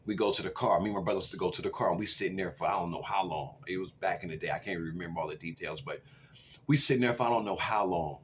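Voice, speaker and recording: A man in his forties telling a story to camera in a casual, animated way, swinging from loud outbursts to hushed asides. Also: sits low, fast talker, slight background noise. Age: 40s. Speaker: vlogger.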